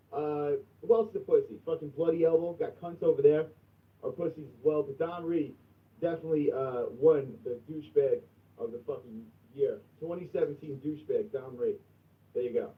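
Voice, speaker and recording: A man hosting a livestream in casual chat, crude and profane, going from mumbling to loud outbursts. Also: a little high, lively intonation, a little fast, far from the mic. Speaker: livestream host. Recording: tinny phone-like sound from off mic.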